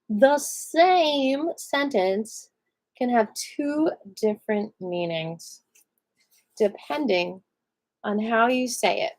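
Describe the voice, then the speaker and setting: A woman's voice: on the high side, a little mellow. A tired woman reading a self-help book aloud on a live stream, breaking off now and then for chatty asides. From American.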